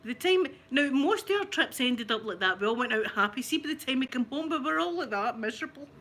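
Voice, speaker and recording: A woman with a Scottish accent telling a family story in casual talk, animated and often laughing. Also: sits high, a little fast. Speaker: ASMR channel host telling a family story.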